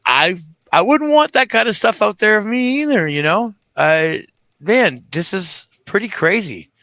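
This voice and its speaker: A man's voice: high-pitched, animated, unhurried, pushed and bright, no echo. A man co-hosting a live stream in easygoing casual chat. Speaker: co-host.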